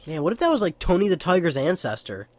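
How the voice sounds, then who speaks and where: A man's voice: high voice, very animated, quick pace. A young man giving casual, joking gameplay commentary as a let's play host, laughing and swearing.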